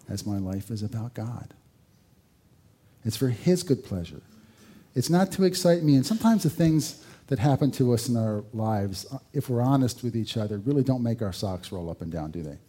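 Mellow-voiced male pastor preaching. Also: lowish voice, slightly rough. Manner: conversational, rhetorical questions, dry humor. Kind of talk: sermon.

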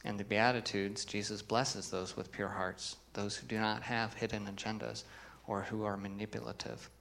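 Man, pastor, sermon, low-pitched, creaky gravel in the voice, earnest. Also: flat delivery, normal speed, a bit bright, a little hiss or hum. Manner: earnest, asks the congregation questions and reads scripture with emphasis.

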